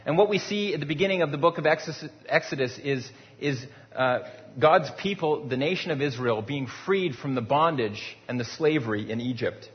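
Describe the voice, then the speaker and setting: A male pastor preaches in an easy, conversational manner, asking the congregation rhetorical questions and often repeating a word as he restarts. His voice sits at a middle pitch and trails off into a long reverb in a large church sanctuary. The sound is a little dull. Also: brisk, hardly any pauses. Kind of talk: sermon.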